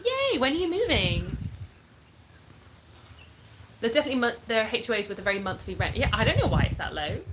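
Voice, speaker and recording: Against a noisy background, a woman in her thirties with a mid-range voice reads viewer questions aloud and answers them frankly, chatting casually live. She is a content creator at home in North Florida, born in the US but raised in England, which shows in her mixed English accent.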